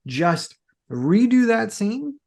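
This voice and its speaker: An earnest man co-hosting a podcast, building his argument step by step like a teacher. His voice sits a little higher than most men's. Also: sing-song, slow pace, vocal fry, a little mellow. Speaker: podcast co-host. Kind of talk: casual chat.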